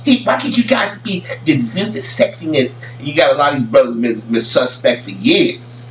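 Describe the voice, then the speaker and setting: A man's voice: medium pitch, lively intonation, normal speed, fairly bright tone. A man ranting casually to camera in a rambling way, often stammering and repeating words. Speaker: vlogger commenting on celebrity news. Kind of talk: casual opinion rant. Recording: roomy, distant, dull lo-fi with faint hum.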